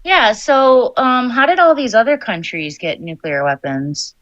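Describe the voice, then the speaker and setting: A woman's voice: fairly high pitch, expressive, measured pace, fairly bright tone, no room sound, lo-fi sound. A woman hosting a live political panel online. She argues her points with persistence and cites facts. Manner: persistent, explains facts, soothes the other speaker. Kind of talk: heated political panel debate.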